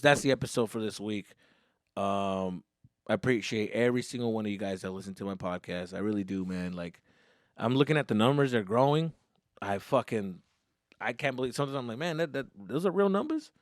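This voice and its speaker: A man hosting a podcast, telling a story in a casual, animated way with heavy swearing. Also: on the low side, no echo, studio quality. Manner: animated, profane, lots of fillers. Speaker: podcast host.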